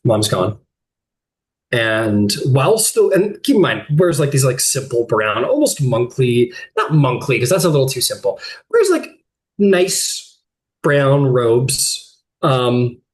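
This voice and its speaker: Rambling male game master, lively voice. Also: medium pitch, slow pace. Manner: rambling, self-correcting. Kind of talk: narrating a tabletop game.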